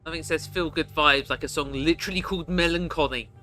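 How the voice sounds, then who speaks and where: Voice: mid-range voice, fast talker, bright, forceful tone, soft background music. A game streamer chatting and reacting to viewers while playing. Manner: chatty, laughing, reacting to chat. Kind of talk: let's play commentary.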